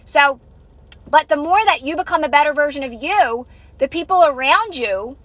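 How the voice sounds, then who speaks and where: A woman's voice: sits high, lively intonation, moderate pace, fairly bright tone, no echo. A woman with children giving a motivational talk on a live stream, emphatic and repetitive, acting out little scenes as she goes. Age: adult with kids. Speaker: manifestation coach.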